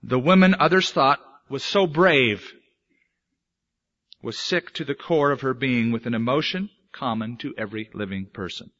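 Bright-voiced preacher, muffled recording. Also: male voice, mid-range voice, normal speed. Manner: dramatic swings between soft and emphatic delivery. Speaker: pastor. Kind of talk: sermon.

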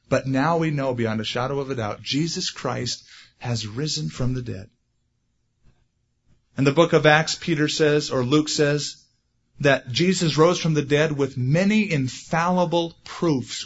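A man preaching a sermon, animated, growing loud and high when he stresses a point. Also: husky, dull audio. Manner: animated, rising loud for emphasis. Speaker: pastor.

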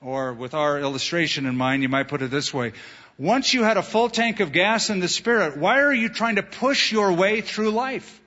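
Male pastor, sermon delivery, bright husky tone, lo-fi church recording with long reverb. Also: high voice, moderate pace. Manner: animated preacher, acts out quoted voices. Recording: dull lo-fi sound in a reverberant hall.

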